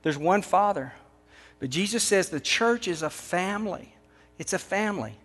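Emphatic Texan preacher in a big hall. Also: male voice, high voice, animated, moderate pace, fairly bright tone. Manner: emphatic, rhetorical questions to the audience. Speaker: pastor. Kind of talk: sermon. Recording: long hall reverb.

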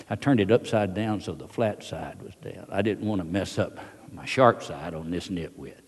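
An older man from Alabama, telling a war story to an audience in a folksy, halting way full of fillers. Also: low-pitched, darkish tone. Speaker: veteran speaker. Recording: long reverb of a large hall.

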